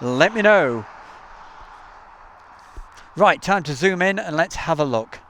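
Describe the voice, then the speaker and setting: A man's voice: on the high side, expressive, slow pace, a bit bright, slight background noise. A man with an East Midlands accent, hosting a casual live stream outdoors and chatting as he reads out viewer messages. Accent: East Midlands English. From England. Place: outdoors near an airport at night. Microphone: camcorder mic.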